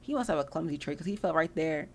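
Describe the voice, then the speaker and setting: Fast-talking low gravelly woman. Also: animated. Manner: slangy, chatty, swears freely. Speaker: gameplay video host. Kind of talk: casual gameplay commentary.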